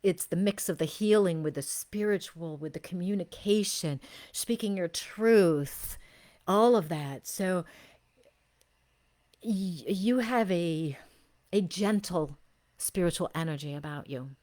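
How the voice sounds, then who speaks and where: A woman hosting a live-stream soul reading for viewers, speaking in effusive, gushing praise and slowing into drawn-out phrases while she senses each person. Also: lowish voice, darkish tone. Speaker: intuitive reader and show host.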